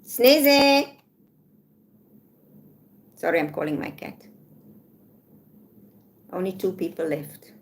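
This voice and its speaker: A woman's voice: deep voice, steady tone, unhurried, long pauses, a little mellow. A woman hosting a livestream from her home, blunt and irritated, talking to herself as she checks messages. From South Africa. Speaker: livestream host. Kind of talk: casual livestream talk. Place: home room in Malaysia.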